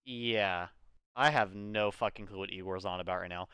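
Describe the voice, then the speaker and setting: A young man commentating casually on a blind let's play, excitable, profane and sarcastic. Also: sits low, moderate pace, clear, resonant tone, no echo, faint music behind. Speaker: gaming streamer.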